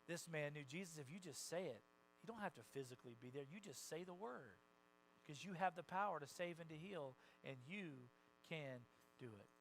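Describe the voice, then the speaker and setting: A male pastor delivers a lively, conversational sermon in a church, quoting people in their own voices. His voice sits a little high for a man, and he swings between soft asides and loud, energetic peaks. A faint mains hum runs underneath. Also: moderate pace, poor audio. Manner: animated, conversational preaching with quoted voices and sudden loud rises. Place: church sanctuary.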